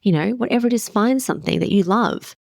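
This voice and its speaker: A woman's voice: medium pitch, fast, creaky, a little mellow, no echo, studio quality. A woman in her thirties hosting a casual motivational podcast as a wellness coach, candid and emphatic, swearing casually.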